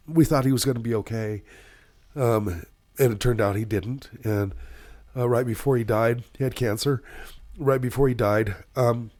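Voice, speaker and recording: A man's voice: mid-range voice, a little mellow. A middle-aged man, a paramedic, telling an emotional story on a podcast, with many fillers and restarts. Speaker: paramedic guest. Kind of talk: casual podcast conversation.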